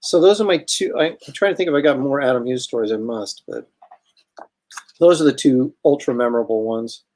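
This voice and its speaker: Chatty man telling a story. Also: medium pitch. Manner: lively storyteller, halting restarts. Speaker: host. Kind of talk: casual anecdote on a livestream.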